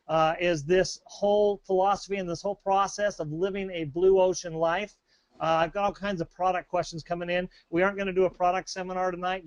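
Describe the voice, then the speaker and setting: A man's voice: high-pitched, no echo, dull audio. A man presenting a sales webinar, upbeat and rambling, with many fillers and restarts.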